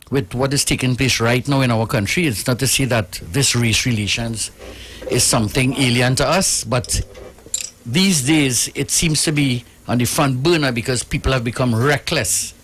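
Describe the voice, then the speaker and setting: Male guest, earnest and explanatory, mid-pitched voice. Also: normal speed, a bit bright, slight background noise. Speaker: guest author. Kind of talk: radio interview. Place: radio studio.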